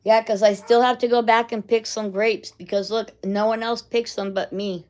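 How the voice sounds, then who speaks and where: A woman's voice: a little high, fairly even intonation, normal speed, a little mellow. A middle-aged woman in casual chat, rambling from one story to the next and laughing often. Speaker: vlogger.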